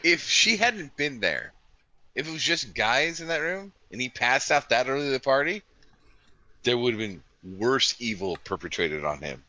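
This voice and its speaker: Man, podcast co-host, very bright tone, lively pitch, quick quips. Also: no echo. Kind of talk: casual chat.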